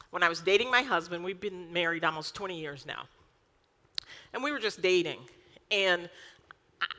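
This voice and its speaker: A woman, preaching a lively sermon full of emphatic rhetorical questions. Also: lowish voice, in a large hall. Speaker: pastor.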